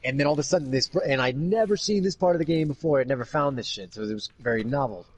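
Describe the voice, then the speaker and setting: A man's voice: mid-range voice, fast, a little hiss or hum. A man hosting a podcast in casual chat, rambling with constant fillers and swearing. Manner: rambling, profane, heavy "like" filler. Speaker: podcast host.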